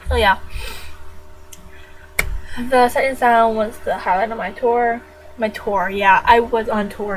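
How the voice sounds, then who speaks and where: A woman's voice: fairly high pitch, steady tone, measured pace, long pauses, rough recording. A teenage girl chatting casually in her own vlog, rambling and jokey with frequent giggles. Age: teens. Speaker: vlogger.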